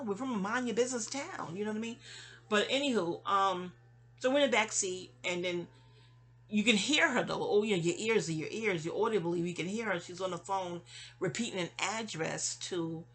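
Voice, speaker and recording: Woman host, husky, loose rambling vent, audio-only monologue. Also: mid-range voice, a bit bright. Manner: rambling, many restarts and trailing asides. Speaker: channel host. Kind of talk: casual venting monologue.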